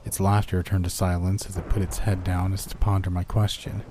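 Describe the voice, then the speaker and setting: A man narrating a first-person horror story in an even storytelling manner. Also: low voice, a little fast, noisy background.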